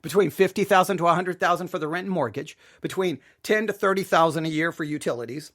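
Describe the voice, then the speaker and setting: A man's voice: on the high side, fast, a bit bright. Emphatic man with a cracking voice. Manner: repeats figures for emphasis, asks rhetorical questions. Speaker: Christian commentator. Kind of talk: emphatic monologue to viewers.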